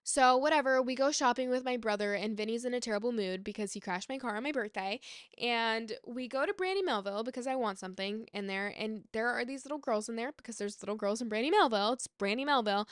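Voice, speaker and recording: A woman in her twenties telling a casual storytime in an animated, swearing way, acting out the people she quotes. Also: mid-range voice, fairly quick, smooth, no echo, clean studio sound. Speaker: vlogger.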